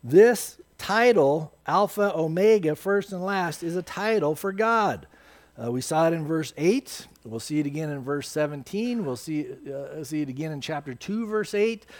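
A man's voice: fairly high pitch, animated, moderate pace. A man preaching a sermon, quoting scripture with emphatic, rising force.

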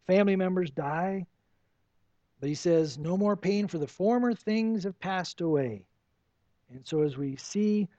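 A male pastor with a high voice preaches in an earnest, pleading way and presses his listeners with question after question. The sound is dry and close, a little dull in tone. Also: dark tone, no echo. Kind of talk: sermon.

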